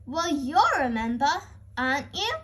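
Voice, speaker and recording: A woman voicing a cheerful, boisterous old male rabbit in a storybook reading, with loud exclamations. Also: high-pitched, very animated, unhurried, heavily acted. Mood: jolly.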